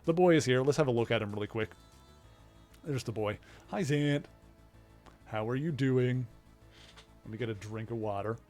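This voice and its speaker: A man's voice: mid-range voice, moderate pace, pauses often, a little mellow, faint music behind. A man casually explaining a game's story while streaming it live, rambling and greeting viewers in chat. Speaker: livestreamer playing a video game. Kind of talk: casual let's-play commentary.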